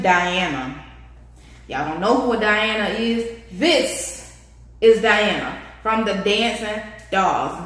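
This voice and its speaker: Chatty young woman in an echoey room. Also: medium pitch. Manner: animated, slangy, talks straight to viewers. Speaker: vlogger. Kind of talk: casual storytelling.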